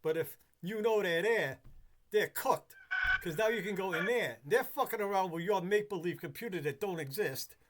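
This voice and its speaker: A man's voice: high voice, moderate pace, background noise. A man in casual chat, rambling with frequent restarts and freely swearing.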